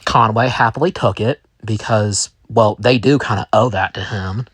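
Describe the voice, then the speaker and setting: A man's voice: on the low side, husky, dry recording. A man casually narrating a made-up story in a rambling way. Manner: rambling, unhurried.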